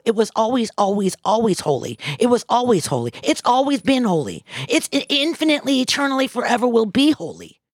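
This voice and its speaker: A woman's voice: medium pitch, creaky, a little mellow, slightly rough, dry recording, clean studio sound. A woman from Missouri giving an impassioned motivational speech, emphatic and repetitive, speaking from the heart. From Missouri, USA.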